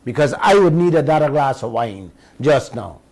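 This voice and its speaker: A man's voice: mid-range voice, animated, vocal fry, darkish tone, poor audio. A middle-aged man, hosting a radio show and giving an emphatic political commentary monologue straight to his listeners. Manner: emphatic, drawn-out words, addresses listeners as uncle and auntie.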